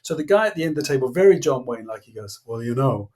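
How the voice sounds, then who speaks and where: A man, a podcast guest, telling an animated story and acting out the dialogue, laughing as he goes. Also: mid-range voice, fast talker. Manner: acts out quoted dialogue, laughs while telling. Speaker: guest, former innovation executive.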